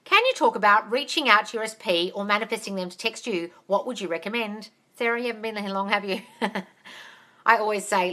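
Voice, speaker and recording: Bright-voiced woman coaching on a live stream. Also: medium pitch. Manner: calls listeners "darling", casual swearing; upbeat, encouraging. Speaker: manifestation coach. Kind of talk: live-stream Q&A, reading viewer comments. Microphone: phone camera.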